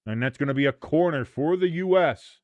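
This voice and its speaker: A man hosting a live match watch-along, commenting casually, swearing freely and leaping from low mutters to shouts. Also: brisk, no room sound, phone-quality sound. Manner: excitable, profane, jumps from mumbling to shouting.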